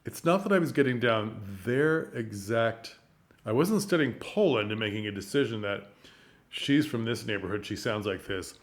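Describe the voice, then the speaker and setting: A man's voice: on the low side, animated, normal speed. A man coaching actors in a casual talk to camera, chatty, with frequent laughs and fillers. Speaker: theatre coach.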